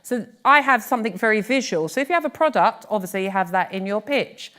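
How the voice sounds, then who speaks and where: A middle-aged British woman giving a live workshop talk on pitching, chatty and lively, teasing her audience. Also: quick pace. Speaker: business speaking coach. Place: workshop room before an audience.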